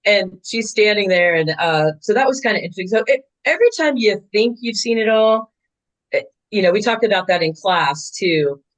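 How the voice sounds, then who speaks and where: A woman in her sixties, a veteran softball umpire, telling game stories in a chatty, animated way with lots of fillers. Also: mid-range voice, brisk, rough recording. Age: 60s. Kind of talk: casual interview storytelling.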